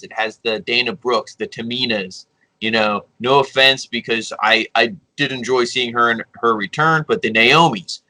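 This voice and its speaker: A man with a strikingly bright, sharp tone talks through a wrestling show in a loose podcast chat. He rambles and gets animated, slipping into quick acted-out lines of what was said. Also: mid-range voice, rough recording.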